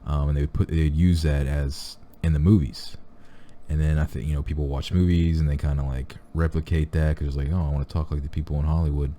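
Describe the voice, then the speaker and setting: A man's voice: rumbling low, steady tone, fairly quick, warm tone. A young man hosting a reaction video, talking in a rambling casual way with lots of fillers and restarts. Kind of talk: casual chat.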